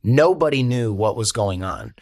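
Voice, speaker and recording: A man, a podcast guest telling stories in an animated way and quoting people in character. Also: on the low side, normal speed, dry recording, clean studio sound. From United States. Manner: animated storyteller, quotes others in character. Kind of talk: conversational interview.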